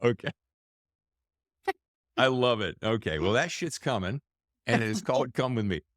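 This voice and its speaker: A man hosts an interview podcast with casual, playful chat, animated and jokey, slipping into playful voices. He has a mid-range voice and moderate pace, and the studio-quality recording has no room sound.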